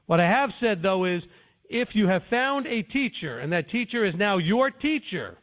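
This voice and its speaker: A man with a high voice lectures on scripture, earnest and a little defensive, often stopping to restart his sentences. The sound is thin and tinny, as if it came over a phone line. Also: sing-song, normal speed. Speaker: Bible teacher. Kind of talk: conference-call teaching.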